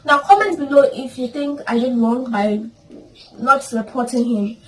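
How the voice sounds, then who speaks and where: In a high-pitched voice at normal speed, a female storytime vlogger tells a heartfelt personal story with prayerful asides. The mic picks her up from a distance, along with faint room ambience.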